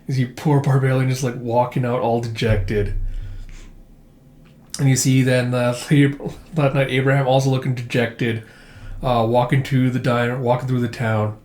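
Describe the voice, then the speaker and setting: A man's voice: medium pitch, flat delivery, moderate pace, darkish tone. A man casually narrating a comic book, chatty and full of fillers. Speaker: comic reader. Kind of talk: casual comic read-through. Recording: echoey room.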